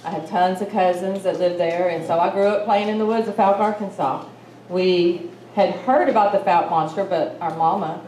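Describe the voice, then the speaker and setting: Middle-aged East Texas woman, folksy storyteller, mellow lower voice, roomy conference hall. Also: steady tone, moderate pace. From Malta, Texas. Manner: chatty, folksy, laughs while telling. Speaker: symposium speaker. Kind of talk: personal storytelling talk. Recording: roomy hall with faint noise.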